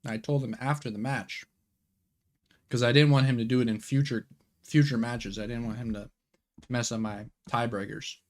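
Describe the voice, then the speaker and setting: A young man hosts a live card game watch party, speaking at normal speed with a medium-pitched, steady voice. He chats casually in slang and answers viewer questions aloud during the stream.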